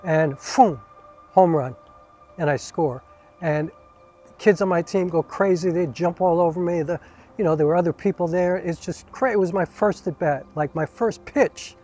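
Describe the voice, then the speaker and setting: A man casually telling a rambling personal story outdoors, talking in an animated, conversational way with side remarks. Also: on the high side, normal speed, soft background music. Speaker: vlogger. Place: outdoors under trees.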